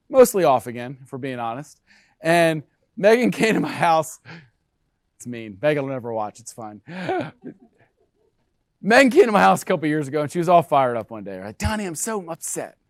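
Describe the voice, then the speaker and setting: Male presenter, lively sales talk to agents, slightly high pitch, dry recording. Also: normal speed, long pauses, no echo. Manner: energetic, talks to the room with frequent "right?". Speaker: brokerage presenter.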